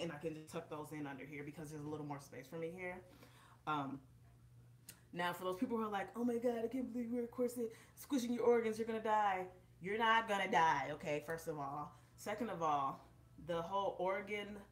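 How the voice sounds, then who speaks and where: A woman's voice: lowish voice, reverberant. Chatty slightly breathless woman vlogger. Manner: chatty, direct, addresses viewers. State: a little out of breath. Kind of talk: casual vlog, demonstrating on camera. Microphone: camera propped up in front of her.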